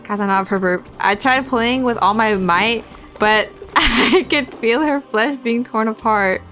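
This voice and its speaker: A woman's voice: on the high side, unhurried, fairly bright tone, faint music behind. Young woman streamer reading a visual novel. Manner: reads narration evenly, breaks into giggly casual asides.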